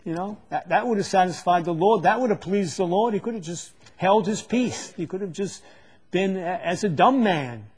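A man with a husky, slightly raised voice preaches a sermon to a live congregation. He teaches from scripture in a halting way, stumbling and repeating words as he gathers his thoughts. His delivery stays plain and conversational. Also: high-pitched, lively intonation, darkish tone. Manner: halting, often repeats words while searching for them.

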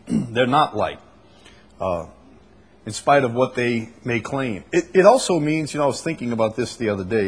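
A man preaching a sermon in a conversational way, reading scripture aloud and explaining it, often clearing his throat. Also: lowish voice. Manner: conversational, with fillers and restarts, reads scripture aloud.

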